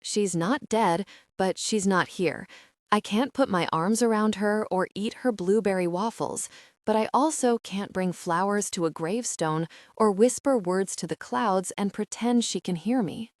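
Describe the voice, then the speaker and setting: Woman voicing a gentle young man, breathy and tender, dry audiobook read. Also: medium pitch, measured pace, no echo, lightly acted. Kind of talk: audiobook narration.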